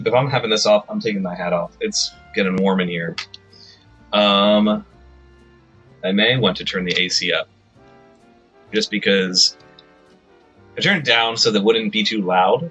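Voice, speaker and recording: A man's voice: fairly low pitch, bright, forceful tone, husky. A man live-streaming a video game, chatting casually and rambling to himself with self-deprecating remarks.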